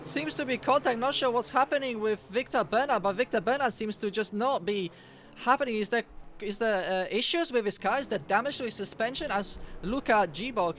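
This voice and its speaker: A man co-commentating a sim race live, giving steady analysis of positions and battles. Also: very high-pitched, brisk, slight background noise. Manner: steady analytical, opens turns with "indeed".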